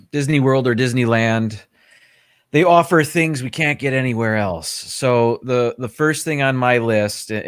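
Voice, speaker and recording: A man's voice: mid-range voice, a bit bright, no room sound. Earnest man on a dry mic. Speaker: guest. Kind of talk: casual video chat.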